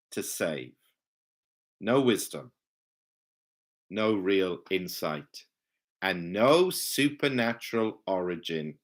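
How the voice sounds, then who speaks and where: Slow, emphatic male preacher. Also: fairly bright tone. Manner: slow, emphatic teaching with wide pitch swings. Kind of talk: Bible study sermon.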